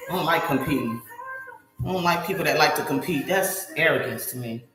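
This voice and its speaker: A hoarse middle-aged woman chatting with her viewers during a live home-baking stream, exclaiming to herself as she works. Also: sits low, brisk. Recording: echoey room with music behind.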